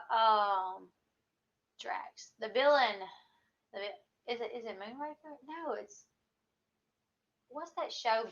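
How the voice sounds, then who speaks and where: A woman in her thirties with a Southern US accent, rambling through a casual livestream chat with lots of fillers and a country twang. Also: on the high side. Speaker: YouTube host. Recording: dull lo-fi sound.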